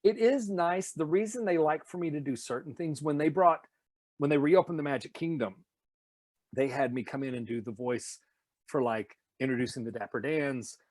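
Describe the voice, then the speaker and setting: Animated voice actor with a light Tennessee accent. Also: male voice, a little high, moderate pace, no echo. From Nashville, Tennessee. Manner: animated, slips into impressions. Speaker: voice actor guest. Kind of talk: casual interview storytelling.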